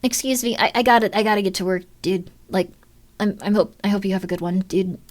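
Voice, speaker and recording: A young woman streaming a horror game, talking in an animated, self-deprecating way with lots of fillers and rambling asides. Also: mid-range voice, fast. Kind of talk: live let's-play commentary.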